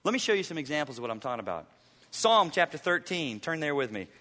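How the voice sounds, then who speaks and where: A male pastor preaching a sermon, swinging between hushed, slow asides and impassioned, rising appeals. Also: fairly high pitch, big pitch swings, long reverb tail.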